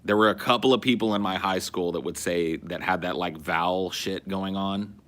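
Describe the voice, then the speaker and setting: A man's voice: sits low, normal speed, fairly bright tone. A man in his forties from California, hosting a podcast and telling loose, profane stories. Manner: loose, profane storytelling with frequent restarts. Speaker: podcast host. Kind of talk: casual chat.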